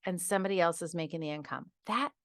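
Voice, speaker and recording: A middle-aged woman hosting a podcast, ranting in an animated, exasperated way and acting out patients in quoted asides. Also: fairly low pitch, fast, no echo, clean studio sound. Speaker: podcast host. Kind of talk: casual podcast monologue.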